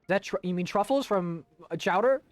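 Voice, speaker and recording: A man's voice: high voice, expressive, a little fast, no room sound, soft background music. A young man chatting loosely while playing a video game on stream, joking and rambling. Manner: rambling and jokey, breaking into silly voices. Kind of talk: casual let's-play commentary.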